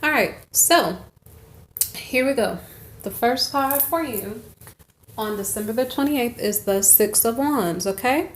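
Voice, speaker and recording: A woman's voice: fairly high pitch, measured pace, a little hiss or hum. A woman giving a chatty, rambling tarot reading, checking in with "okay?" between asides. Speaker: tarot reader. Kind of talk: casual tarot reading monologue.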